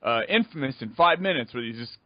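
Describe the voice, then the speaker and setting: A man's voice: mid-range voice, animated, fast, no room sound. A man co-hosting a gaming podcast who teases his friends with mocking jokes in casual banter. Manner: teasing, mocking, full of jokes. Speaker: podcast co-host. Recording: dull dry lo-fi podcast audio.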